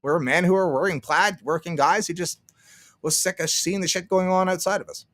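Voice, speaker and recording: High-voiced and fairly bright, the Canadian streamer keeps a steady tone and talks fairly quickly on a dry recording. He rambles, curses, laughs a lot, and performs other people's words during his casual stream.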